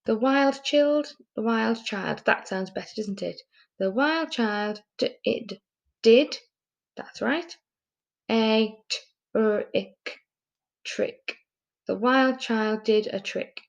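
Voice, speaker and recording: A woman teaching a recorded phonics lesson to young children, sounding out words patiently and asking gentle teacherly questions. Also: medium pitch, slow, pauses often, lo-fi sound. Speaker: primary school teacher.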